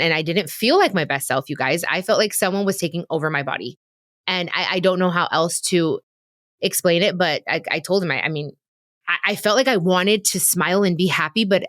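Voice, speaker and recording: A woman's voice: on the low side, fairly bright tone, no echo, studio quality. A woman in her thirties hosting a podcast, talking about her marriage in a candid, emotional way and speaking straight to her listeners. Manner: emotional, confiding, addresses listeners directly. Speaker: podcast host. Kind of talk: candid casual chat.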